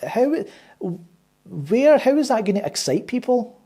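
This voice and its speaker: Guy ranting a movie review, sweary and sarcastic, husky kinda mellow voice. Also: very high-pitched, sing-song, measured pace. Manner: sarcastic, swears a lot, exasperated. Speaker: movie reviewer and channel host.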